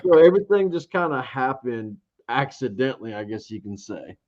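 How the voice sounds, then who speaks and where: A man's voice: mid-range voice, very animated, normal speed, darkish tone. A man from Georgia, chatting as an interview guest and rambling through a story while acting out his own past thoughts. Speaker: interview guest, beard reviewer. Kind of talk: casual interview chat. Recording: dull lo-fi sound.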